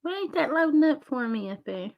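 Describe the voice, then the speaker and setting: A woman's voice: sits high, lively intonation, brisk, lo-fi sound. A woman hosting a casual reaction commentary, blunt and profane and laughing often. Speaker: commentary channel host.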